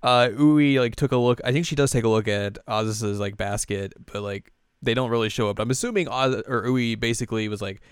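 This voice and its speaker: A man's voice: mid-range voice, a little fast, smooth, no echo, clean studio sound. A man hosting a podcast, recapping an anime episode in a rambling, chuckling casual chat. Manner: rambling, chuckling, self-correcting. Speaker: podcast host.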